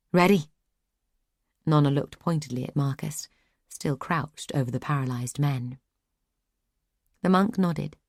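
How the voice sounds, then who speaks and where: Low-voiced woman audiobook narrator. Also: darkish tone, dry recording, clean studio sound. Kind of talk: scripted narration.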